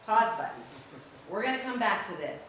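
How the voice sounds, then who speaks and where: A woman telling a personal story to an audience, animated and laughing often, pausing for effect. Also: mid-range voice. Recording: echoey room, faint background noise.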